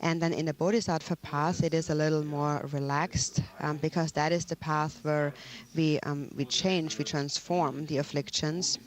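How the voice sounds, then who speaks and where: A man interpreting and explaining a Buddhist teaching in a humble, hesitant way, pausing often with ums. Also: a little high, steady tone.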